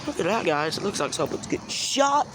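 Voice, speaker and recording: A man's voice: high voice, very animated, fairly quick. A man vlogging outdoors into a handheld phone, jumpy and exclaiming, with lots of swearing. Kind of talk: casual vlog commentary. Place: outdoors at night during fireworks. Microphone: handheld phone camera. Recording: noisy outdoor phone recording.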